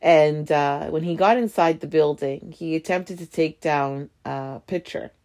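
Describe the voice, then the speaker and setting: Solo podcast host, woman, low voice, chatty and rambling. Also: unhurried. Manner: rambling, animated, laughing asides. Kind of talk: casual solo podcast monologue.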